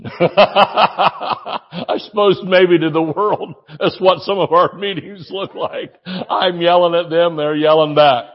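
Male evangelist, excitable sermon delivery, yelling bursts and chatty anecdotes, slightly dull lo-fi recording. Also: high voice, slow pace. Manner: excitable, yells when preaching. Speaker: preacher. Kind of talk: sermon with humorous stories.

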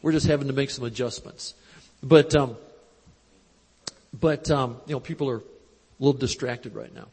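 A man preaching at a live convention, telling a story with quoted dialogue in a folksy, animated way, on a handheld mic. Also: mid-range voice, normal speed, creaky, long pauses, breathy edge. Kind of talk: storytelling sermon. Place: large church convention hall. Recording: live hall recording with long reverb.

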